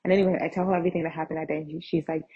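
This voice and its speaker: A young woman hosting a podcast, telling a casual story in an animated way and acting out the dialogue, on a dull lo-fi recording. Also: deep voice, rapid-fire, breathy edge. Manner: animated, acts out quoted texts and dialogue. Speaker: podcast host.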